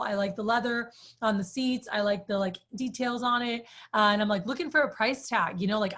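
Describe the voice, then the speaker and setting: A woman in her thirties, chatty and animated, telling a personal story to a group, with many "like"s. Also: on the high side. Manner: chatty, animated, says "like" often. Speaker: sales trainer.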